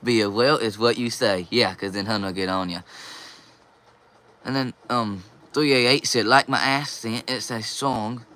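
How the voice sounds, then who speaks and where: A man's voice: medium pitch, fairly even intonation, unhurried, sharp tone. A young man hosting a casual live stream, reading viewer comments aloud and answering them.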